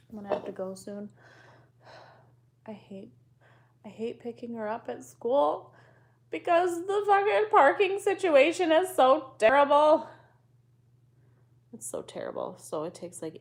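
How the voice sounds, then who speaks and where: A woman's voice: mid-range voice, vocal fry, a little mellow. A woman vlogger in casual chat to the camera, laid-back, sighing often and swearing offhandedly.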